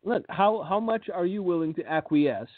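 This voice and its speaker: Speaking at normal speed with lively intonation, a high-voiced man hosts a radio commentary in a blunt, sarcastic manner. He tends to repeat words when launching into a thought. A radio host and preacher, he's heard over a tinny, phone-like line with no echo.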